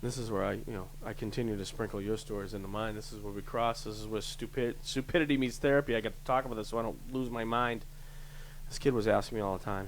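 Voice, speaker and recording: Profane, animated middle-aged man telling stories. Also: fairly low pitch, fast, a little hiss or hum, rough recording. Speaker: podcast host. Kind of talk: casual storytelling chat.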